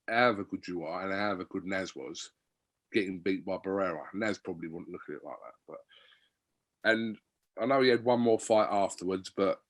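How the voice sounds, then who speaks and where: A man, a podcast guest, chatting casually and telling stories with lots of fillers. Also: low voice. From Wickford, England. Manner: relaxed storytelling, many fillers. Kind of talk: casual interview chat.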